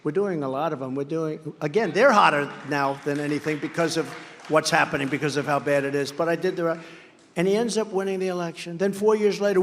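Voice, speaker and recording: At a podium microphone in a large campaign rally venue, a political candidate gives a rambling, boastful speech and mocks his rivals by acting out their words. His voice is on the high side, steady in tone, a little fast and a bit bright. The long reverb of the big hall carries through the recording.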